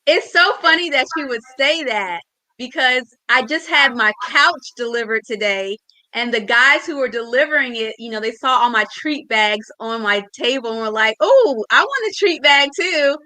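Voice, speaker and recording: A woman teacher talking as a guest over a video call, telling a story lively and acting out the dialogue. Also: on the high side, normal speed. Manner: animated, acts out dialogue. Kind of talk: casual storytelling.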